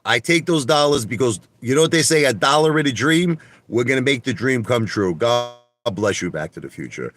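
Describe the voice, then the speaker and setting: A man's voice: medium pitch, expressive, a little fast, a bit bright. A man hosting a casual live stream, talking emphatically and repeating himself for effect. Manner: emphatic, repetitive, swears mildly. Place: indoors at home.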